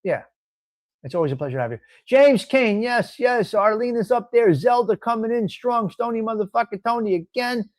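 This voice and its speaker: A man's voice: very high-pitched, expressive, moderate pace, dry recording. Profane North Jersey man hosting a stream. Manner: blunt and profane, reading out viewer names. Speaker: host of a live stream show. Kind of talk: casual live-stream chat.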